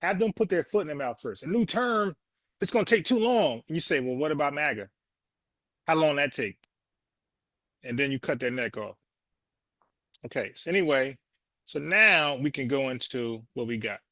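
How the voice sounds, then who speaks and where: A man's voice: medium pitch, lively intonation, moderate pace, pauses often, sharp tone, dry recording. A man, giving blunt, scornful commentary on a video and laughing often. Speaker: commentator reacting to a protest video. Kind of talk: casual mocking commentary.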